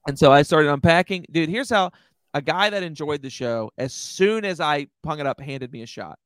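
A man's voice: on the high side, expressive, moderate pace, smooth, no room sound. Young comedian guy rambling through a story, swears a lot, dry close sound. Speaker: stand-up comedian. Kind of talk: casual podcast chat.

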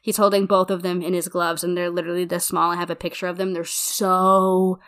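Bright-voiced young woman telling a story. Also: lowish voice, fairly quick. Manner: animated storyteller, acts out quotes, says "like" a lot. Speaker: podcast co-host. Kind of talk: casual chat.

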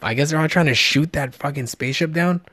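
The voice is a man's, fairly high and fast, in a dry, clean studio recording. As a podcast host, he dissects a movie trailer casually with excited, profane jokes, frequently tripping over what he's saying.

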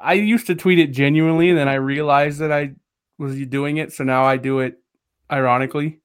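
A man's voice: on the high side, fairly even intonation, a little fast, clean tone. A man co-hosting a live-streamed podcast, trading dry, mock-solemn jokes. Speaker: podcast co-host. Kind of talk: casual wrestling chat on a live stream.

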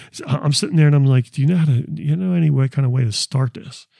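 A man's voice: mid-range voice, quick pace, gravelly, warm tone, slight background noise. A man who investigates the paranormal, talking casually through his recordings, rambling and repeating words as he restarts his sentences. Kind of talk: casual explanatory talk.

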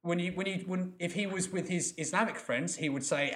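A man in a casual chat, halting and searching for his words. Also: high-pitched, a bit bright.

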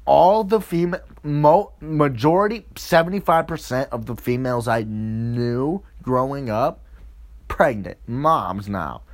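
With lively intonation and a measured pace, a twenty-something man rants comedically, swearing through a crude, meandering story and slipping into loud, high-pitched mocking impressions.

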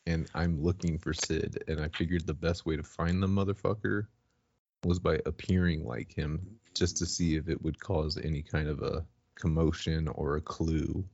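A man playing a tabletop game, brash and profane, with a very deep, husky voice. The audio is slightly dull and muffled. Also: flat delivery, normal speed, darkish tone. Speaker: player. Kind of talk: tabletop role-play.

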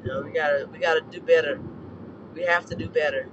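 A man with a hoarse, scorched throat, giving a blunt, profane and preachy casual rant as a podcast host. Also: fairly high pitch, steady tone, fast talker, highs cut off, background noise.

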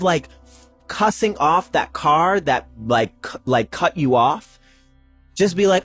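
A man's voice: a little high, lively intonation, slow pace, a bit bright, soft background music. A man hosting a spiritual podcast, talking casually and emphatically, repeating phrases and swearing freely. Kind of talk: casual spiritual pep talk.

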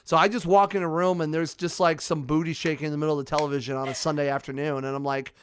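A man's voice: on the high side, little pitch movement, quick pace, a little hiss or hum. A young man with a Midwestern American accent hosting a podcast, telling stories in a loose, rambling way with lots of restarts and fillers. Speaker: podcast host. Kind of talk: casual interview chat.

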